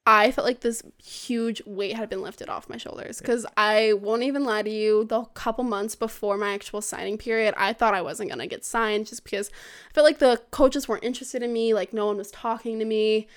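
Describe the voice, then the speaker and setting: A young woman, a college athlete, chatting as a podcast guest, telling animated stories with quoted voices and frequent laughter. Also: on the high side, a little fast. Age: young adult. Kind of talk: casual podcast chat.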